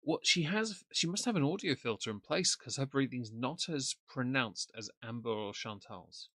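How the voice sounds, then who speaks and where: A man's voice: mid-range voice, normal speed, bright, forceful tone, no room sound. A man commenting sarcastically on a livestream from off camera. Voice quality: dry, mocking. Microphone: desk mic, off camera.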